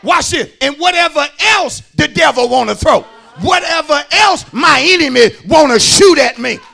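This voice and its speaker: A man, a pastor preaching a sermon in a church, shouting in a rhythmic, sing-song way and calling out to the congregation. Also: extremely high pitch, expressive, moderate pace, gravelly.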